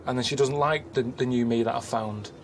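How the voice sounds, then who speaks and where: A man in his thirties giving casual, deadpan travel-show commentary, grumbling and complaining as he goes. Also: mid-range voice, brisk, a little hiss or hum. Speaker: travelling presenter.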